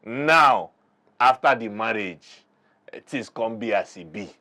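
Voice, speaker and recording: A man's voice: lowish voice, animated, slow, bright, forceful tone. A man with a Nigerian accent, a guest in a talk-show debate, arguing his side in an emphatic, preachy way. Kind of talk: heated debate argument.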